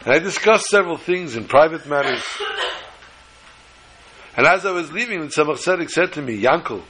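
A man's voice: a little high, animated, fairly quick, background noise, close to an everyday voice. A man voicing a resourceful, determined merchant who speaks earnestly and insistently. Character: resourceful male Jewish merchant, calm and determined.

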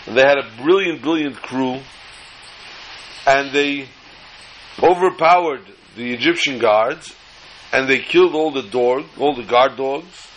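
A man voicing a flustered young boy who stammers and rushes through an excuse. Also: medium pitch, a bit bright, slight background noise, natural voice, low-quality recording. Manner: stammering, breathless storytelling.

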